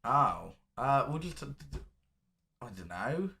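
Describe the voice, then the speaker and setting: A man's voice: mid-range voice, measured pace, vocal fry. A man co-hosting a podcast, telling jokey stories in casual banter. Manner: jokey, animated storytelling with laughs. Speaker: podcast co-host.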